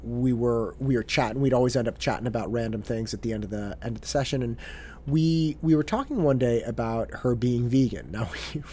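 A man tells a personal story from his tutoring work, his voice rising and falling in a lively, expressive way. He speaks earnestly and often restarts his phrases as he thinks aloud, in a middle-pitched voice. A faint hiss sits under the recording. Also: fairly quick. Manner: earnest, repeats his words as he talks. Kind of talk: storytelling monologue.

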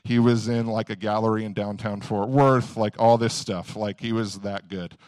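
A man's voice: on the low side, steady tone, darkish tone, no room sound, clean studio sound. A young man, preaching a casual, conversational sermon, telling stories and pushing hard on key points. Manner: conversational, storytelling, quick bursts of emphasis.

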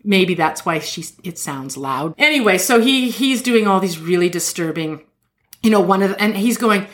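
A woman host telling a long story in casual chat, animated, laughing and swearing freely. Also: mid-range voice, moderate pace.

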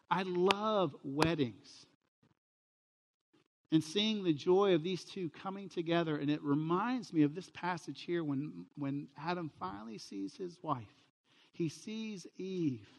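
A man's voice: on the high side, in a large hall. A middle-aged man, a pastor, preaching a sermon and telling stories, livening them with quoted voices. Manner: storytelling, animated with quoted voices.

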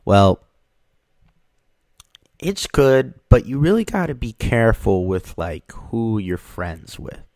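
A man's voice: fairly low pitch, very animated, slow, long pauses, darkish tone, dry recording, clean studio sound, pitched above the performer's own voice, heavily acted. A man voicing a streetwise older chess hustler in his fifties who gripes in a laid-back, complaining way. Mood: advising.

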